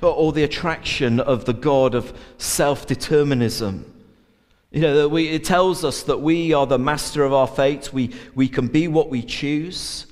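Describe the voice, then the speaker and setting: A man's voice: a little high, unhurried, darkish tone. A man preaching a sermon in an earnest way, with many fillers and restarts. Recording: long church reverb.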